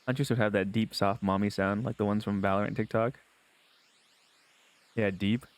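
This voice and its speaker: Low, gravelly man streaming a game. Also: steady tone, quick pace. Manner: joking, crude asides, chatting with viewers. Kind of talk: reading a visual novel aloud with commentary.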